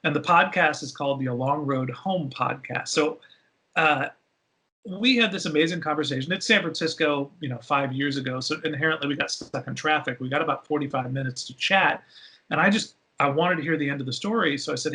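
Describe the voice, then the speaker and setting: An animated man telling stories as a podcast guest. His voice is bright and forceful and sits a little high, and his pitch leaps up when he gets excited. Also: brisk. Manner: animated storyteller with big pitch jumps. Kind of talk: casual storytelling interview.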